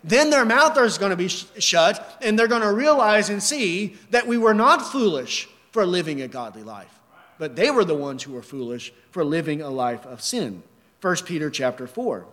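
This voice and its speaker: A man's voice: high-pitched, sing-song, moderate pace, a bit bright. A man preaching a sermon, earnest and emphatic, reading scripture and asking the listeners rhetorical questions. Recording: long hall reverb.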